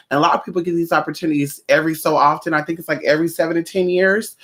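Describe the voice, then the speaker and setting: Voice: medium pitch, fairly bright tone. A livestream host chatting casually with viewers in a sassy, profane way, calling them honey.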